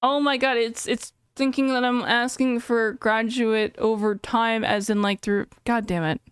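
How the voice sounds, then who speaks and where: A woman's voice: fairly high pitch, fairly even intonation, measured pace, clean tone, no room sound, studio quality. A woman in her thirties reacting on a live stream, thinking aloud in a chatty way with many fillers and self-corrections. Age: 30s. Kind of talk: casual live-stream commentary.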